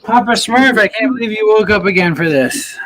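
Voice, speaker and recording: A man hosting a reptile breeder's live stream, chatting with callers in loud, teasing, swearing banter. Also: sits high, lively intonation, brisk, slight background noise, poor audio. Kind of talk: casual chat with callers.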